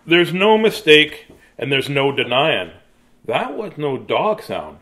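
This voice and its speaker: A man's voice: on the high side, very animated, slow. A man reading his own picture book aloud to children in a sing-song, playful way, then chatting casually about it. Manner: sing-song, playful, drops to soft hush at endings. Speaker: children's book reader and author.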